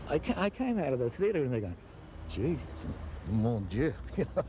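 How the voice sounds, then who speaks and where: An older man with an Australian accent, an actor giving an interview and telling stories with animated mimicry. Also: a little high, racing, a little hiss or hum. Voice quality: animated storyteller who laughs and mimics voices.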